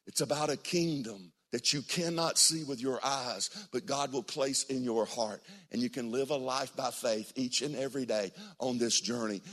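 An older man preaching a sermon as pastor, dramatic, swinging between hushed near-whispers and loud, shouted passages. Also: mid-range voice.

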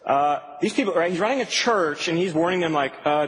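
A young adult man preaching a sermon in a casual, animated, humorous way in a church hall. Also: fairly high pitch, brisk. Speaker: pastor. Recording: reverberant hall, faint ambient noise.

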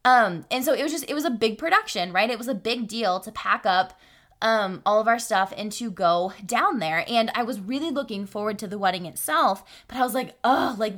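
A young woman talks straight to her listeners on a solo podcast, loose and chatty. She piles up fillers and keeps checking in with a quick "right?" as she talks. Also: mid-range voice, a bit bright. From Arkansas, USA. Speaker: podcast host. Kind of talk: casual solo podcast monologue.

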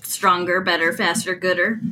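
A woman's voice: lowish voice, flat delivery, bright, forceful tone, a little hiss or hum. A woman co-hosting a podcast, playful and giggly, riffing on jokes. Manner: giggly, playful, quick to riff. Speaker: podcast co-host. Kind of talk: casual comedic chat.

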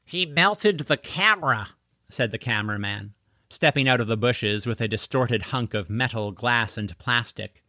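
A man reading a children's novel aloud as its narrator, in expressive storytelling. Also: fairly low pitch, normal speed, no echo, clean studio sound. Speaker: audiobook narrator. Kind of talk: scripted narration.

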